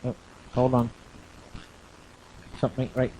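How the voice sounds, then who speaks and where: Man, radio show host, casual chat, easygoing, mid pitch, faint background noise. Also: monotone, a little slow, mellow, poor audio. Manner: easygoing, chatty while fiddling with equipment.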